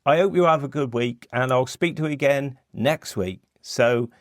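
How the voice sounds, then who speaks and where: A Cornish man hosts his podcast in a relaxed, chatty way, joking at his own expense. His voice is mid-pitched and the sound is dry and close. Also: normal speed, dry recording. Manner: chatty and self-deprecating, lots of agreeing fillers. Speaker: podcast host. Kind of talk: casual podcast chat.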